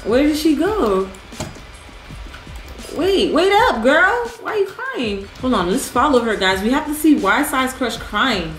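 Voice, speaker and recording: A woman with a high voice hosts a gaming video, playing alongside someone at a measured pace. She gives casual gameplay commentary as a playful, animated, teasing coach, in a reverberant space with soft background music.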